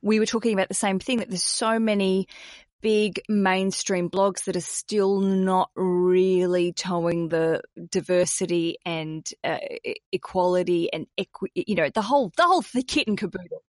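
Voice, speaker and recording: A woman's voice: mid-range voice, moderate pace, no echo. Woman, podcast host, chatty and rambling, dry close sound. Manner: chatty, self-mocking, rambling. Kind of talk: casual podcast chat.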